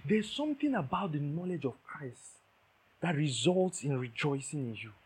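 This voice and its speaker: A man's voice: a little high, sing-song, moderate pace, slightly rough. A man preaching a sermon, emphatic, repeating key phrases and checking that listeners understand.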